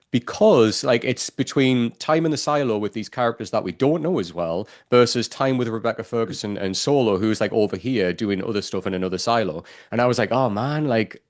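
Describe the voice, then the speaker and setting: A man hosting a podcast in casual chat, chatty and animated, with "like" in many sentences. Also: mid-range voice. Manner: chatty, animated, says "like" often. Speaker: podcast host.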